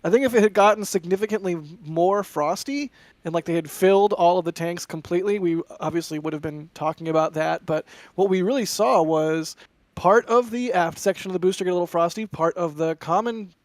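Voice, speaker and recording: A man co-hosts a live stream and talks loosely, hedging his guesses and dropping puns. His voice sits high for a man. The sound is dry and close. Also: a little fast, dry recording. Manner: rambling, punning, hedges his guesses. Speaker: stream co-host. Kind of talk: casual live commentary.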